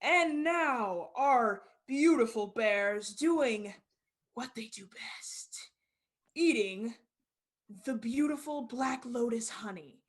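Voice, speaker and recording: A man's voice: very high voice, fairly bright tone, heavily acted. A woman voicing a theatrical male carnival ringmaster who stretches his words out dramatically at a tabletop game. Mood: announcing. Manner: slow, dramatic showman delivery.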